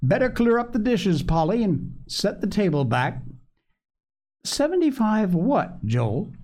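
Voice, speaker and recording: A man's voice: high voice, very animated, unhurried, a little mellow, pitched above the performer's own voice, full character voice. A man voicing a stern, practical mother who talks firmly and scolds. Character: stern practical mother, middle-aged woman.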